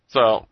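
A man's voice: no room sound, muffled recording. A young man telling a story in casual, rambling talk, swearing and laughing often.

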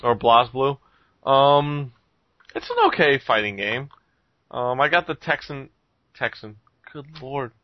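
A man's voice: medium pitch, takes it slowly, long pauses, no echo, lo-fi sound. A man hosting a casual podcast chat, rambling with lots of ums and frequent chuckles. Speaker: podcast host reviewing games.

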